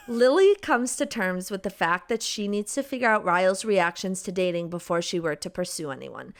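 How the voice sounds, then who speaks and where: A young woman co-hosts a podcast, chatting casually about a novel and saying "like" and "literally" a lot. Her mid-range voice is animated, and she talks at a moderate pace.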